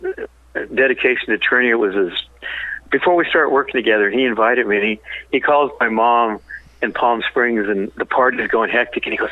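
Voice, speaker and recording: A man, a songwriter and business partner, telling rambling, animated stories in a phone-in interview. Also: medium pitch, fairly quick. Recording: tinny phone line.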